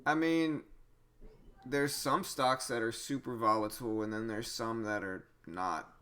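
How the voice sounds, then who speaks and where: A man hosting a day-trading livestream chats casually, relaxed and talkative, often restarting sentences and using fillers. His voice is medium-pitched and his pace measured.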